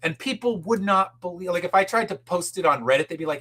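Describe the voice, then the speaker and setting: A man's voice: sits high, lively intonation, fast, fairly bright tone. A middle-aged man, a podcast guest, telling a story in casual chat and acting out the people he quotes, with casual swearing.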